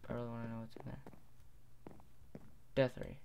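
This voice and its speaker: A man's voice: mid-range voice, flat delivery, moderate pace, gravelly, heavy background noise. A teenage boy giving gameplay commentary, rambling, muttering to himself and correcting his words. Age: teens. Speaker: gaming video host.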